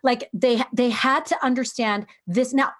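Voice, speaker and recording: A woman's voice: a little high, fairly even intonation, measured pace, a bit bright. Earnest, storytelling middle-aged woman. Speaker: podcast guest. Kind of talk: casual conversation.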